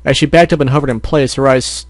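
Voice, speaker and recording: With a steady tone and a fast delivery, a medium-pitched male voice reads fan fiction as a homemade audiobook, sometimes stumbling before correcting himself. There's no echo in the recording.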